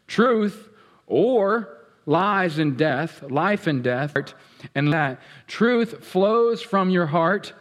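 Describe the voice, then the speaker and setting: A fairly high-voiced man preaches to his congregation, bantering and asking them questions as he goes. His voice rings out in a large church hall with a long reverb tail. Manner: conversational, playful, addresses congregation directly. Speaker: pastor. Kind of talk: sermon. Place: church sanctuary. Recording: echoey hall.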